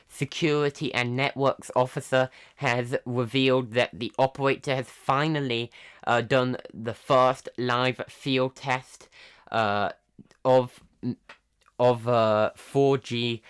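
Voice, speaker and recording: A man hosting a live tech news roundup in a casual, halting way, full of pauses, ums and restarts. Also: medium pitch, fairly bright tone, clean tone. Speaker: tech news livestream host.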